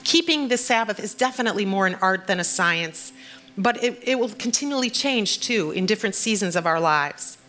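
A middle-aged woman pastor giving a sermon and a closing prayer, personal and gently encouraging. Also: mid-range voice, lively intonation, fairly quick.

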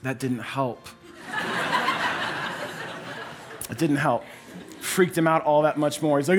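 A man's voice: a little high, slow, long pauses, soft background music. A man in his thirties preaching as a pastor, telling a personal story in a conversational way and repeating phrases for emphasis. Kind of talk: sermon.

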